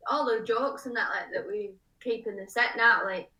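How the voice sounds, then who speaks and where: A woman's voice: on the high side, normal speed, bright, forceful tone. A young woman, a musician guest, chatting casually, packing in fillers and giggling often. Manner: chatty, says "like" constantly, giggly. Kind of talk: casual chat. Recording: a little distant from the mic.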